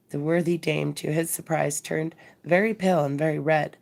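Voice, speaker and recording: A woman narrating a classic story aloud as a bedtime reading, measured and expressive. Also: deep voice, gravelly.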